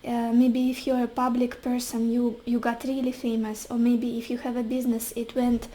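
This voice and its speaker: A woman giving a tarot reading to camera, talking softly with many pauses and fillers. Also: fairly high pitch, monotone, slight background noise, low-quality recording. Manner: soft, searching, often pausing with fillers. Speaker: tarot reader.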